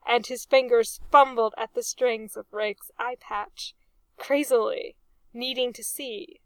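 Slow, amused woman reading a story. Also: fairly high pitch, fairly even intonation, no echo. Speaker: narrator.

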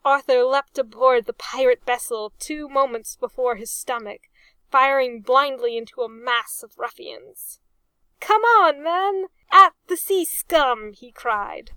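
A woman narrating a storybook aloud with an amused, expressive reading. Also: high-pitched, no room sound.

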